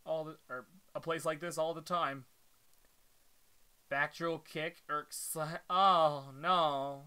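A man's voice: a little high, sharp tone, clean tone. A man reading a comic aloud for a reaction video, stopping often to comment and laugh. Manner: reads aloud haltingly, breaks off to react and laugh.

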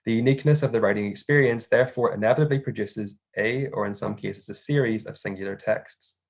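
A young man, a doctoral researcher, reading an academic paper aloud in a measured, formal way and marking each quotation aloud. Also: on the low side.

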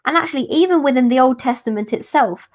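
A woman, a religious sister, explaining a gospel passage in a careful, unhurried teaching manner for a podcast. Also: high-pitched. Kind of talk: podcast scripture commentary.

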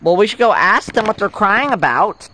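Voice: mid-range voice, big pitch swings, normal speed, sharp tone, slight background noise. A performer in a homemade cartoon, voicing several characters in a playful way. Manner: playful, switching between many character voices. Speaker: narrator and voice actor for all characters.

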